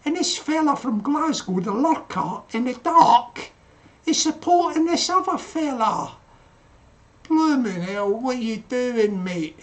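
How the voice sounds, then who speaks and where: A man's voice: very high voice, expressive, measured pace. An older man hosting a casual livestream, laughing often and calling himself by name in the third person. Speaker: livestream host.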